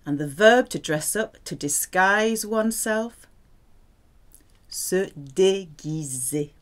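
A woman's voice: on the low side, lively intonation, slow. A woman teaching French vocabulary, speaking patiently and repeating words with careful pronunciation. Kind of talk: vocabulary lesson.

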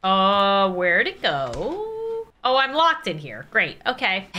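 Brief: young woman, excitable let's play host, bright and lively, giggles often. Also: mid-range voice, slow pace, slight background noise. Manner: excitable, giggly, talks to the game baby. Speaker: gaming YouTuber.

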